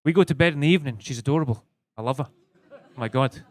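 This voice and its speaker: A man's voice: medium pitch, quick pace, a little mellow, dry recording. A young Scottish man performing a rambling stand-up set on a comedy club stage, often stammering and restarting. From Scotland.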